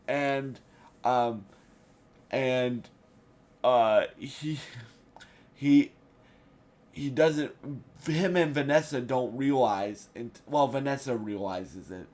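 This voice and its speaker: Young man, casual TV review, slow pace, rambling, lots of fillers and restarts. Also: mid-range voice. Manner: rambling, many fillers and restarts, bursts into loud impressions.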